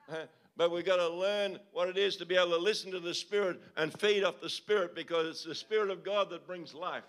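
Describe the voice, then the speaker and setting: A man's voice: high voice, fairly bright tone. Pastor exhorting his congregation. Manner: exhorting, repeated calls and tag questions. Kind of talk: sermon. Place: church service.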